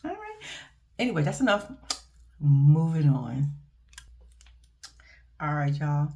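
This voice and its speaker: A woman giving a casual, profane and animated reaction vlog about a reality TV show, speaking. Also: deep voice, takes it slowly. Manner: blunt, profane, animated and laughing. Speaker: reality TV commentator.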